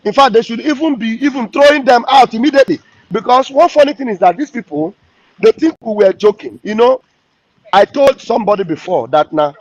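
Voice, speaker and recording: A man's voice: extremely high pitch, no room sound. A male host, giving heated, mocking political commentary. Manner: heated, mocking, acts out quotes. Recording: dull, dry lo-fi audio.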